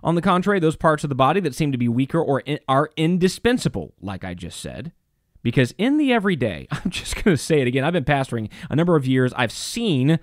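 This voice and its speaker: A man's voice: medium pitch, no echo, clean studio sound. A man preaching a sermon as a pastor, impassioned and emphatic, repeating phrases for stress.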